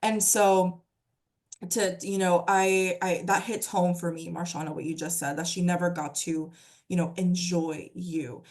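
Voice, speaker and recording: A woman hosting a podcast, soft-spoken and heartfelt in casual conversation. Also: on the low side, steady tone, unhurried. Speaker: podcast host.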